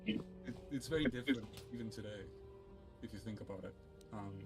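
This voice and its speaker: A man's voice: on the low side, fairly quick, over music. A man moderating a live stream, chatting playfully on a voice call and rambling with many fillers. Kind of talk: casual group chat on a live stream.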